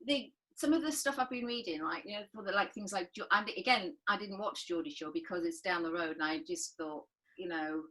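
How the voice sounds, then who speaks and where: A woman's voice: on the low side, brisk, hardly any pauses, sharp tone, rough recording. A woman co-hosting a casual chat podcast, rambling and restarting her sentences, laughing often. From northern England. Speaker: podcast co-host.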